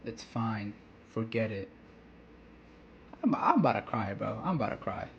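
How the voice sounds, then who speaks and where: A man's voice: on the low side, sing-song, normal speed, creaky, muffled recording, slight background noise. A man giving casual reaction commentary on a manga, rambling with slang, "you know" fillers and frequent restarts.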